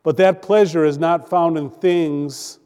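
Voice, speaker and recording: A man's voice: on the high side, steady tone, takes it slowly, dark tone, clean tone. Earnest male pastor preaching in reverb. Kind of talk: sermon.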